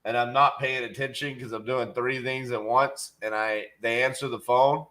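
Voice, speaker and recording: A middle-aged man speaks at normal speed in a medium-pitched, steady, sharp voice while co-hosting a casual livestream. He's a real estate investor who greets viewers, reads their comments, and jokes and tells stories folksily.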